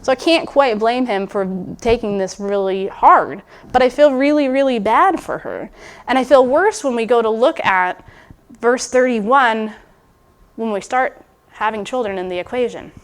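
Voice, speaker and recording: A woman's voice: on the high side, moderate pace. A woman preaching a sermon in an informal, musing way, with restarts and asides, sometimes speaking a biblical character's thoughts aloud. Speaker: guest preacher. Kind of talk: conversational sermon.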